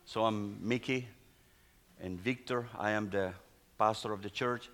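A middle-aged man, a pastor whose first language is Spanish, tells a testimony in a sermon in halting English full of restarts. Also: fairly low pitch, fairly even intonation, fairly bright tone. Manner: non-native English, halting storytelling with restarts.

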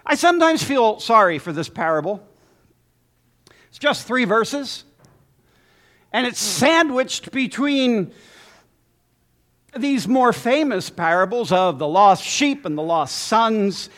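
A man preaching a sermon as pastor, emphatic with dramatic pauses and lists. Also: high-pitched, animated, a bit bright.

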